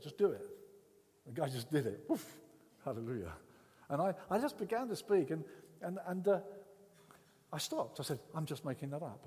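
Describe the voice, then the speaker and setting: An older man from England preaching a sermon, telling his own story with repeated words and swings between loud and hushed speech. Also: medium pitch, in a large hall. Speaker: pastor. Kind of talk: sermon with personal testimony.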